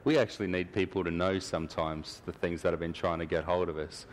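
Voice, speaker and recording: A man's voice: low-pitched, fairly even intonation, fairly quick, slight background noise. A man preaching a sermon in church, talking conversationally and acting out little scenes.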